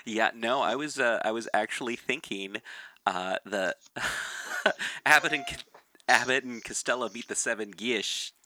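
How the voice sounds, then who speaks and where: A man's voice: mid-range voice, unhurried, bright, forceful tone. A man co-hosting a podcast in casual chat, rambling and laughing easily. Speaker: podcast co-host.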